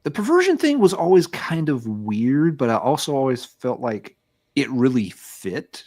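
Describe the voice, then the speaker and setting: A man's voice: mid-range voice, very animated, unhurried, a little mellow. A man co-hosting a music podcast, chatting casually and rambling with many fillers and restarts. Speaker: podcast co-host. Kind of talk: casual music review chat.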